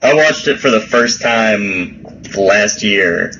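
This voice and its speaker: A man's voice: fairly low pitch, lively intonation, slow pace, sharp tone, muffled recording, a little hiss or hum. A man co-hosting a podcast in casual chat, laid-back, laughing often and swearing freely. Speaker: podcast co-host.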